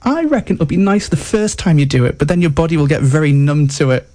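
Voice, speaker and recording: A man's voice: on the high side, animated, fast, a little mellow. Playful man hosting a radio quiz. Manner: playful, jokey, mock-formal. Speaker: radio host. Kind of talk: comic radio quiz banter.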